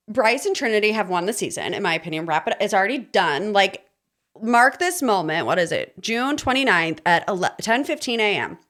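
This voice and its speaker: A young woman hosting a podcast, giving an opinionated, sarcastic recap of a reality dating show in a casual, animated way. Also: medium pitch. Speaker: podcast host.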